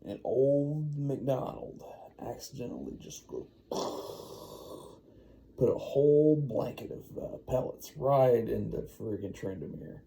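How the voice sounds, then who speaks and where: Gravelly, rambling dad telling a story. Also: male voice, medium pitch, big pitch swings, takes it slowly, dark tone. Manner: rambling, laid-back, full of "you know". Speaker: father. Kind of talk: improvised bedtime storytelling.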